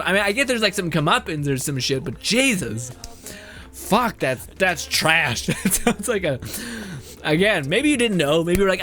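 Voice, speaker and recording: A man's voice: fairly high pitch, lively intonation, normal speed, a bit bright, soft background music. A man streaming a game, chatting casually with viewers and reading out their messages, laughing often and swearing freely.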